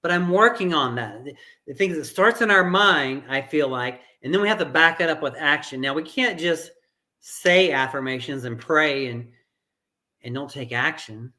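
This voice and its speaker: A man's voice: fairly high pitch, animated, normal speed, sharp tone. A middle-aged man giving an earnest motivational fitness talk as a coach, repeating phrases for emphasis.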